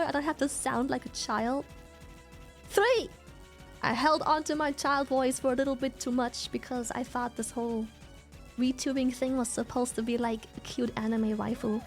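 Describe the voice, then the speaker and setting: A young woman streaming while sick, chatting candidly and swearing freely as she explains her voice. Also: high voice. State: sick, slightly hoarse. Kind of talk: casual stream chat.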